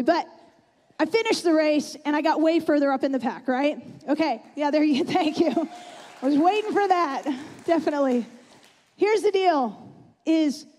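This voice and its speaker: A high, slightly mellow female voice delivers a sermon in a church sanctuary. She speaks conversationally and keeps asking the congregation questions, with a long church-hall reverb trailing her words.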